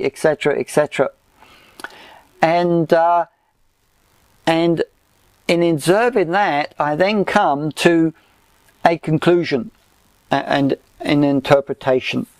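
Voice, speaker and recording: A man lectures on Bible study method at an unhurried, deliberate pace, pausing often and filling gaps with "uh." His voice sits a little high for a man. The recording is dry and close, with almost no room sound. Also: a little mellow, dry recording. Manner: measured, deliberate, with frequent pauses and "uh" fillers.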